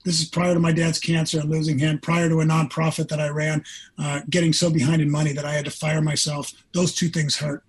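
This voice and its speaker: Man in his 60s, former quarterback, earnest storyteller, raspy tone. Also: on the high side, fairly quick, low-quality recording. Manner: earnest, animated storytelling with acted-out quotes. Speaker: podcast guest, former pro quarterback. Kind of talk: personal storytelling in an interview.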